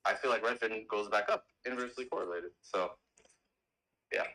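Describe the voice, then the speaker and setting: A man's voice: fairly low pitch, normal speed, bright, forceful tone, low-quality recording. A man on a call explaining his stock trades in a rambling way, with many restarts. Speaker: guest trader. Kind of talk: casual trading talk on a call.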